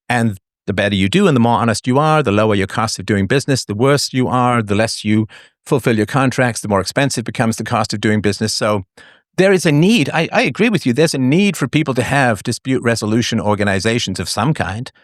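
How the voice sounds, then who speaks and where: Man, debate host, argumentative, lively explaining, dry close sound. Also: lowish voice, no echo.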